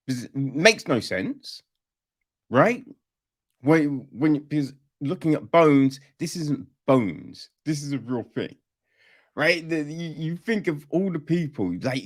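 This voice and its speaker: A man's voice: mid-range voice, fairly bright tone. A man reviewing a film on a podcast in casual chat, rambling and swearing freely as he picks it apart.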